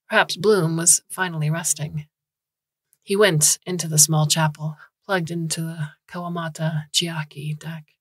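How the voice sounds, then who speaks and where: A woman narrating a science fiction short story in a calm, even storytelling manner. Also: low voice, no room sound. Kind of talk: scripted audiobook narration.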